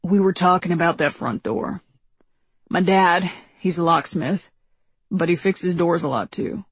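A woman's voice: fairly low pitch, measured pace, breathy edge, no room sound. A woman reading a laid-back teenage boy. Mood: mellow. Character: easygoing teenage boy, low-key and polite.

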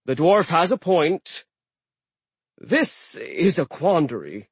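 Pompous, commanding sea giant deity a man puts on, raised and loud, with a husky edge. Audiobook figure. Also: on the high side, big pitch swings, slow, dry recording, pitched above the performer's own voice, full character voice. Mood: genial. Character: booming ancient male sea giant god, vain and menacing.

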